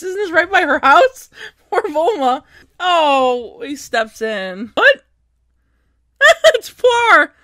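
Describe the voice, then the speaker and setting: A woman's voice: very high-pitched, a bit bright, dry recording, clean studio sound. A young woman reacting to an anime episode, often screaming, squealing and laughing, and swearing freely. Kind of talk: excited reaction commentary.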